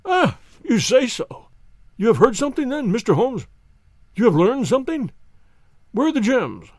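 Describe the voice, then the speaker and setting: A man reading an audiobook, voicing a distraught, excitable older banker who pleads and exclaims. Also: high voice, normal speed, no room sound, clean studio sound. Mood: anxious.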